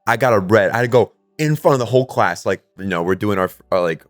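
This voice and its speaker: A man's voice: fairly low pitch, fast, no echo, studio quality, soft background music. A young man co-hosting a podcast, telling school stories with lots of swearing and acted-out quotes. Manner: profane, animated storytelling, acting out quotes. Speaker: podcast co-host. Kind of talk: casual chat.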